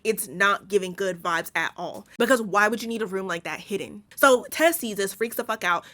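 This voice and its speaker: A woman's voice: mid-range voice, a bit bright. A woman hosting a casual movie recap, blunt and sarcastic, swearing freely as she retells the plot.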